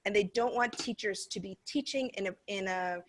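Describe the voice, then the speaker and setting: A woman's voice: medium pitch, fairly quick, slight background noise. An American woman training teachers, explaining casually with fillers as she walks through a class recording. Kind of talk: casual training talk over a video.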